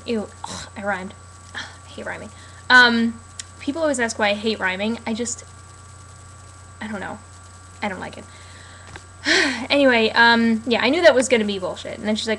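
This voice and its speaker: A woman's voice: on the high side, expressive, moderate pace, long pauses, fairly bright tone, slight background noise, poor audio. A young woman rambling casually and sarcastically about a TV episode, with lots of fillers. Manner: chatty, sarcastic, many fillers. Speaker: TV recap vlogger.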